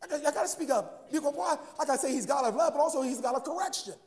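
A man's voice: extremely high pitch, fast, darkish tone. A man preaching a sermon as pastor, stammering through restarts and asking the congregation "huh?" between points. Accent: American. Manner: repeats words, asks "huh?" to the congregation.

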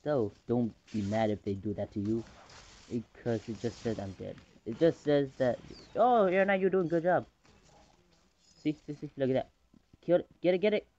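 A man casually commentating his own game match, rambling between calls and excitable in fights. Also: mid-range voice, moderate pace, a little hiss or hum. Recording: dull lo-fi recording.

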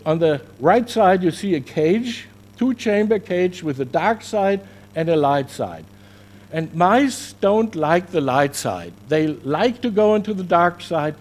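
A man presenting research at a conference, talking in a halting way and often correcting himself mid-phrase. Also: sits high, darkish tone. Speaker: scientific presenter. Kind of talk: conference lecture. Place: conference venue.

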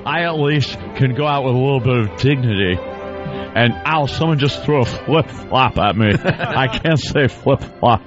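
A man's voice: mid-range voice, lightly acted. A man doing an impression of a veteran TV anchorman who solemnly reads the news and stumbles on certain words. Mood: mock solemn. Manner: mock-solemn newsreader delivery with deliberate mispronunciations. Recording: muffled radio broadcast with music.

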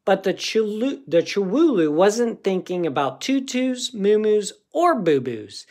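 A man narrates a children's picture book. He takes his time and lets his pitch rise and fall a lot. His delivery sounds made for reading to kids. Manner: expressive, unhurried. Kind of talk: storybook read-aloud.

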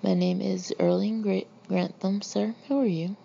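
A woman's voice: mid-range voice, steady tone, a little slow, gravelly, mellow. A woman voicing a tiny, elegant old Southern lady who speaks in a prim, courteous way, in a muffled lo-fi recording. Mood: genteel. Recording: muffled lo-fi recording with faint hiss.

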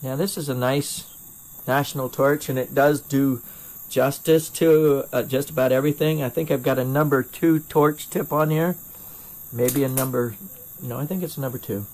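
Speaking at normal speed in a steady, medium-pitched, somewhat dark voice, a middle-aged North Carolina glassblower streams a live torch demo from his home studio. He answers viewers casually, rambling, restarting often and teasing himself a little, all recorded on a first-person camera mic.

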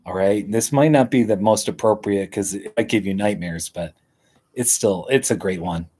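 A man live-streaming from a hammock outdoors, chatting casually and rambling with a relaxed, drawn-out manner. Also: on the low side, slightly rough.

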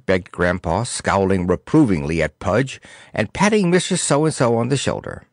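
A man reading a children's storybook aloud in an expressive, theatrical way. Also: fairly low pitch, normal speed, no echo, studio quality. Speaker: audiobook narrator. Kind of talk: storybook narration.

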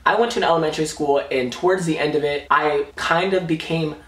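A man's voice: a little high, fairly even intonation, quick pace, fairly bright tone, far from the mic. Young guy vlogging a storytime, super sassy and dramatic, cusses constantly, sounds roomy and a bit off mic. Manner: sassy, dramatic, heavy swearing. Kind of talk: storytime vlog.

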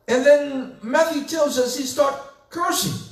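Slow, high-voiced man preaching a sermon. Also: big pitch swings, echoey room, recorded from a distance. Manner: slow, dramatic storytelling with rising emphatic questions. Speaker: pastor. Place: church sanctuary.

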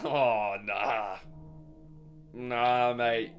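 A man's voice: medium pitch, fairly even intonation, very slow, clean tone, soft background music. A man hosting a reaction video. He talks casually, exclaims a lot, swears freely and laughs often.

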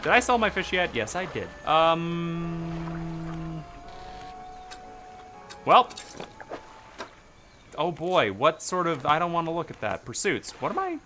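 A man's voice: on the high side, lively intonation, slow pace, pauses often, music in the background. A man streaming a fishing game, chatting casually to himself and swearing, talking back to the characters on screen. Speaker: gaming streamer. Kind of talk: casual gameplay commentary.

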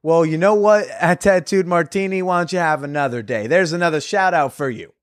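A young man hosting a podcast in casual chat, excitable and swearing freely, with frequent restarts. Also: on the high side, fairly quick, no room sound, studio quality. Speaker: podcast host.

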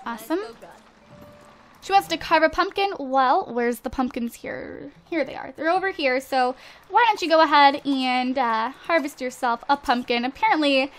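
A woman's voice: sits high, normal speed. A woman giving casual, chatty gameplay commentary straight to her viewers, recorded on a desktop USB microphone at home. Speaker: let's play host.

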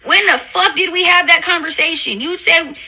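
Woman, livestream rant, confrontational, profane, high pitched, very bright tone. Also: normal speed. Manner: profane, confrontational, repeats "bitch" constantly. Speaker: reality TV personality on a livestream. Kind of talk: angry ranting livestream.

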